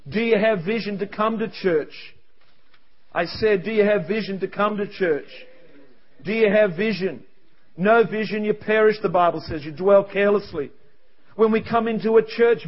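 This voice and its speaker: High-voiced pastor preaching. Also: male voice. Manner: animated, acts out quoted voices, quick asides. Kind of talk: sermon. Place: church service. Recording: dull lo-fi sound.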